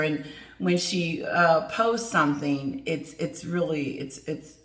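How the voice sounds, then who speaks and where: Speaking slowly in a low-pitched voice, a middle-aged commentary vlogger delivers a sassy, emphatic rant, addressing and greeting her viewers directly. The room she records in is echoey.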